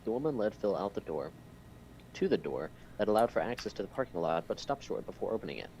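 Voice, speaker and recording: Gravelly man reading a comic story. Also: sits low, animated, fast, heavy background noise. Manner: playful, stops to comment and correct himself. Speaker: story reader.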